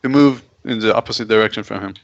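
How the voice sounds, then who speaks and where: A man playing a tabletop game, thinking his moves through out loud. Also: on the low side, fast, creaky. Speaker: player. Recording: dull lo-fi recording.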